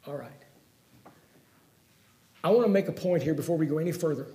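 A man preaching a sermon, swinging between loud emphatic lines and quiet pleading, often asking his listeners direct questions. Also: fairly high pitch, fairly quick, roomy sound.

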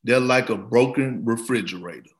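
A man's voice: mid-range voice, moderate pace. A man hosting a sports podcast in a playful, joking, casual way. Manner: playful, joking, laughs often. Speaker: podcast host, former player.

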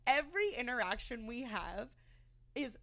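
Giggly high-voiced American woman. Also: moderate pace. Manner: giggly, animated storytelling with many fillers. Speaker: podcast co-host. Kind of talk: casual chat.

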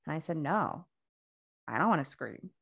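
A woman's voice: low voice, big pitch swings, moderate pace, creaky, a bit bright, husky. A young adult woman co-hosting a casual podcast chat, telling a long story with many restarts and quoted dialogue. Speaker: podcast co-host.

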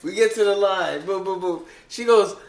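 A man telling a story in a casual group chat, animated, profane and laughing as he talks. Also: sits high, moderate pace, reverberant.

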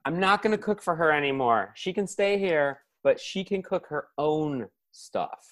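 A fed-up husband, played by a man griping about his mother-in-law, sarcastic and petty. His pitch rises and falls with each complaint, in an improv comedy podcast. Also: expressive, normal speed, a bit bright.

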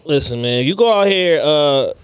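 A man's voice: on the high side, expressive, normal speed, clear, resonant tone. A man co-hosting a podcast, talking in a laid-back, reflective, slangy way. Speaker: podcast co-host. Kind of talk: casual chat.

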